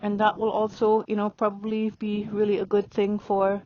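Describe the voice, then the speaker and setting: A woman riding a horse and calmly explaining her training as she goes, pausing to speak softly to the horse. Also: mid-range voice, slight background noise. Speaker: riding instructor. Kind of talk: narrating while riding. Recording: dry, dull lo-fi sound.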